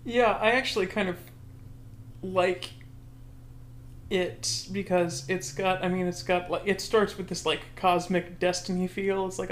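Joking podcast co-host, mid-pitched. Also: steady tone, unhurried, slight background noise. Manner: joking, laughs mid-sentence. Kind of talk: casual brainstorming chat.

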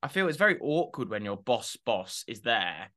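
Brief: young male co-host, rambling casual banter, bright forward tone. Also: mid-range voice, sing-song, normal speed. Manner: rambling, self-deprecating, addresses listeners. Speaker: podcast co-host. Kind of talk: casual chat.

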